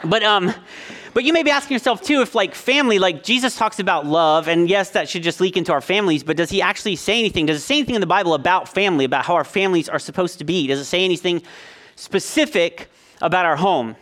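A man's voice: high-pitched, quick pace, a bit bright. A man in his thirties, a youth leader, preaching a sermon with self-deprecating jokes and lots of ums and likes. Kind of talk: humorous sermon.

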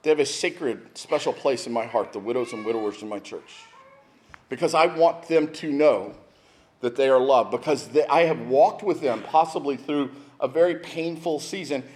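A man's voice: on the high side, darkish tone. A middle-aged man, a pastor, preaching a sermon in a church in a conversational way, with restarts and asides to the congregation. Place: church sanctuary.

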